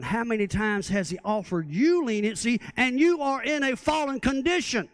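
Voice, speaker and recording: A man's voice: very high voice, animated, normal speed. A man preaching a sermon as pastor, often asking the congregation rhetorical questions.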